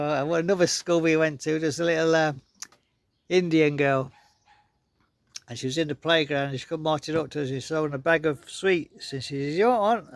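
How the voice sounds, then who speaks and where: A man tells rambling childhood anecdotes in a casual vlog, chuckling as he goes. His voice sits a little high for a man. The sound is dry and close, with no room around it. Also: creaky, no echo. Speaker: vlogger. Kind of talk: casual storytelling.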